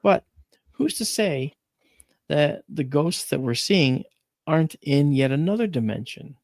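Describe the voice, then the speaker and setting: A man's voice: on the high side, measured pace, vocal fry, no room sound. A man hosting a talk stream, chatting casually and telling a family story with lots of animation. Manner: animated storyteller, acts out quoted voices. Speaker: podcast host.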